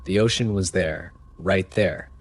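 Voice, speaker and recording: A man giving grave, measured first-person narration of a horror story. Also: deep voice.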